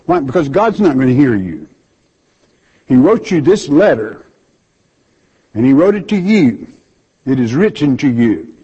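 A man's voice: on the high side, mellow, husky. A man preaching a sermon. He reads scripture aloud and bluntly explains it, scolding listeners with rhetorical questions. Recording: dull lo-fi recording.

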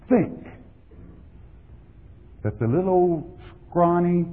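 A man's voice: medium pitch, lively intonation, slow, long pauses, husky. A man preaching a sermon as pastor, emphatic and repeating words for stress, on a tinny, lo-fi recording. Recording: tinny lo-fi sound in a reverberant hall.

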